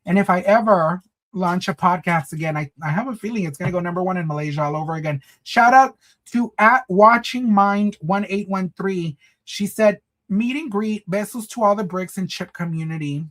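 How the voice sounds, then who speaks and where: A man hosts a casual livestream, chatting with viewers in a sassy, campy style, calling them honey and girl and dropping in Spanish phrases. His voice sits high and a bit bright, at a normal speed.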